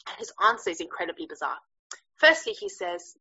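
Woman teacher, Bible lesson, animated storytelling, bright husky voice, dull lo-fi sound. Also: medium pitch, brisk. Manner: lively, chatty, hesitant with fillers.

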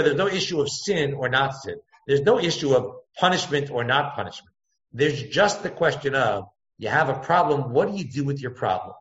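A man giving a text-study lecture as a Torah teacher, thinking aloud, circling back to points and jumping his pitch up to act out quotes. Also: a bit bright. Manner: thoughtful, digressive, acts out quotes with pitch jumps. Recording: echoey room, dull lo-fi sound.

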